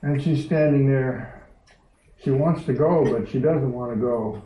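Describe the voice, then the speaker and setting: A man preaching a sermon in a church, talking in an unhurried, conversational way and reading a story aloud. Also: mid-range voice, mellow. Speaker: pastor. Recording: echoey hall, distant dull mic.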